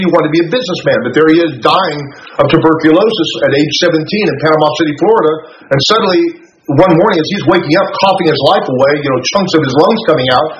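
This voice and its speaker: A man with a somewhat high voice races through a folksy anecdote and acts out everyone's lines as he tells it. The recording sounds dull and echoey, with clear hiss underneath. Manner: rapid, folksy retelling full of quoted dialogue. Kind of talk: anecdotal storytelling on a radio talk show.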